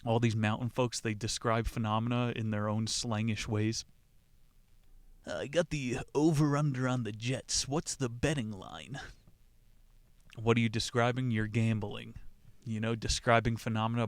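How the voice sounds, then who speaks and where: In a lowish voice with no room sound, a man hosting a podcast pokes fun at a philosophy book. He rambles irreverently, reading passages from it aloud as he goes.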